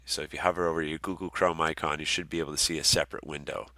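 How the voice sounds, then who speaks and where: Low bright-toned man, dry close sound. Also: racing, no room sound. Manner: relaxed, many ums and uhs, friendly asides. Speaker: course instructor. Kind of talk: casual recorded course walkthrough.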